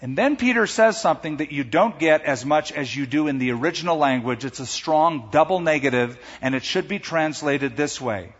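A man preaching a sermon with a lively, swooping delivery and a slightly high pitch. His voice is a bit husky, and he brings quoted lines to life with their own voices. The sound is dull and lo-fi, with a long echo from a large hall. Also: normal speed, few pauses. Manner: animated, acts out quoted voices. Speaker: pastor.

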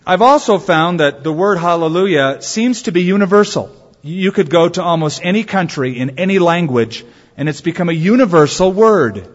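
A man's voice: high voice, expressive. Man preaching in a reverberant hall. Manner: storytelling, drawn-out emphatic phrases. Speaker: pastor. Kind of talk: sermon. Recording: dull sound in a reverberant hall.

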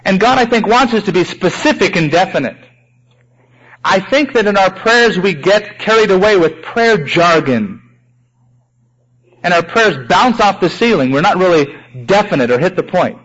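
A man preaching a sermon, animated, acting out sample prayers in raised voices. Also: high-pitched, normal speed, slightly rough. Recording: dull lo-fi recording.

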